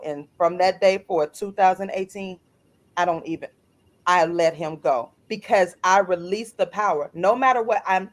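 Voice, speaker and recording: A middle-aged woman, an author guest co-hosting a podcast, telling a personal story in an earnest, animated way and acting out other people's lines. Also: on the low side. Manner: earnest, animated, retells scenes in voices.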